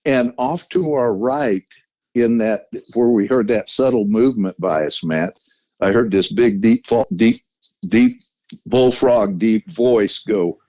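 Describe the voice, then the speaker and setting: A man's voice: medium pitch, expressive, takes it slowly, mellow, no room sound. A man telling a story as a podcast guest, with restarts and frequent "you know"s.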